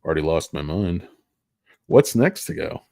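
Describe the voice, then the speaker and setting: A man's voice: a bass voice, big pitch swings, normal speed, warm tone, no room sound, studio quality. A man giving casual, rambling stock commentary, jokey and self-deprecating. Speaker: stock market vlogger.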